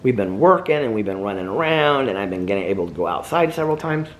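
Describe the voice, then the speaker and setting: A man's voice: on the low side, lively intonation, quick pace, natural voice, rough recording. Man voicing his chatty happy pet dog. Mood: cheerful. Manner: playful, speaking for his pet.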